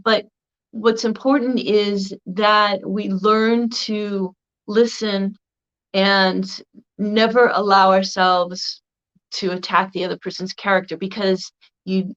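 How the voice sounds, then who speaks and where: A woman's voice: medium pitch, steady tone, slow pace, fairly bright tone. A woman vlogger recording a casual video response, rambling along with a slightly crackly voice. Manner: rambling, meandering delivery. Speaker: video blogger. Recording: dull lo-fi recording.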